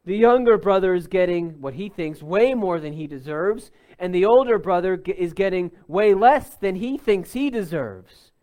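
A man preaching an expository sermon, explaining a passage in a deliberate teaching tone with bursts of emphasis. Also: high-pitched, animated, darkish tone. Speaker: pastor.

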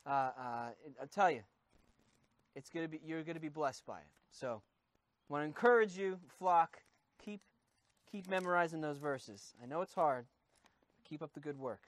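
A man's voice: on the high side, lively intonation, moderate pace, pauses often, no room sound. A man in his thirties, a pastor giving a conversational, encouraging sermon with frequent fillers.

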